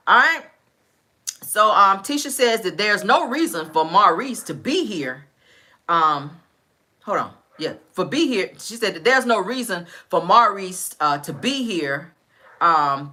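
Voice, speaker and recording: A woman's voice: deep voice, bright, forceful tone. A woman casually recapping a reality TV episode, chatty and storytelling, often checking in with "all right?".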